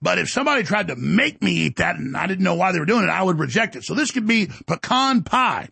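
Male talk host, middle-aged, husky and fried, heated emphatic monologue. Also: very animated, fast, pushed and bright, no room sound. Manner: heated, emphatic, acts out quotes in higher voice. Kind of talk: ranting monologue.

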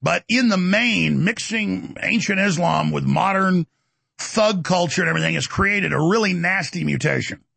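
A man's voice: sits high, moderate pace, vocal fry, husky, dry recording. A middle-aged man hosting a talk show, ranting in a combative, blustering way. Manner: combative, blustering, loud bursts. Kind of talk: heated talk show rant.

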